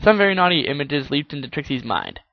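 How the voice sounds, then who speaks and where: A man's voice: a little high, big pitch swings, fast talker, no echo, dull audio. A man reading fan fiction aloud in a casual way, often stumbling and correcting himself. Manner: stumbles, self-corrects, laughs at the text. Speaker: narrator.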